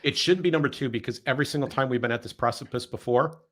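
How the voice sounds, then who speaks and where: A man's voice: mid-range voice, racing, a bit bright. A man hosting a political podcast, sarcastic and emphatic, often repeating words as he builds a point. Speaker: podcast host. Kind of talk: political commentary chat.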